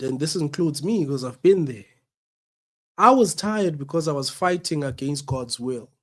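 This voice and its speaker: A South African man hosting a radio show, who has the flu and coughs, speaking in an earnest, preachy way and repeating his points. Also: fairly high pitch. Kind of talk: reflective talk-show monologue.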